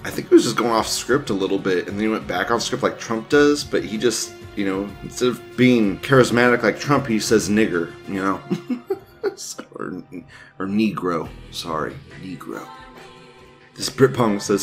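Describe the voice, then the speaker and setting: Man, casual news host, profane, sarcastic, laughs a lot, low voice. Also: moderate pace, soft background music. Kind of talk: casual commentary reading posts.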